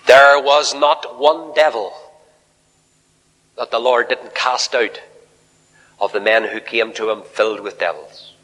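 A man preaching a fiery revival sermon in a large church hall, swinging from shouted appeals to hushed near-whispers. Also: medium pitch, fairly even intonation, slow pace, long pauses.

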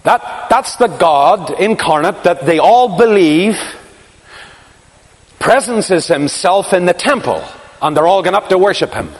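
A man delivers a sermon like a storyteller, moving from quiet, low remarks to ringing cries. His voice sits fairly high and moves with wide, lively swings of pitch. The room adds a long, hanging reverb. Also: measured pace. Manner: dramatic storytelling, swings from hushed to crying out. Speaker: preacher.

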